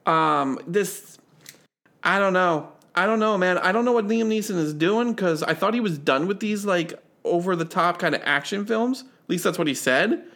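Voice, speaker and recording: A man's voice: high voice, moderate pace, a bit bright. A man co-hosting a casual movie chat, talking in rambling, stammering bursts full of fillers. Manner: chatty, stammering restarts, lots of fillers. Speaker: podcast co-host.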